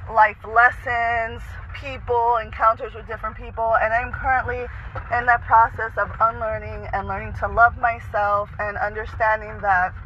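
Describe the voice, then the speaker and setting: A chatty man records himself while driving, talking openly and swearing freely. His voice sits very high and sounds sharp and bright. The recording is a little dull, with faint road noise behind him. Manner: chatty, mixes Spanish words, swears freely. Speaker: artist vlogger. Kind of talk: casual monologue to camera. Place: in a car, driving.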